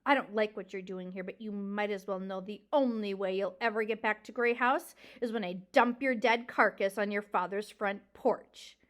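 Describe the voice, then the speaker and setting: A woman's voice: mid-range voice, fairly even intonation, normal speed, few pauses, natural voice. A woman voicing a menacing, greedy male owl who shrieks threats.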